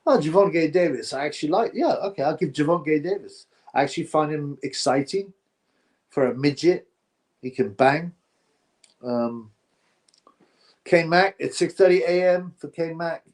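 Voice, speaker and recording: A man's voice: fairly high pitch, normal speed, pauses often. A man hosting a casual live boxing stream, reading viewer comments aloud and giving blunt, opinionated, rambling takes.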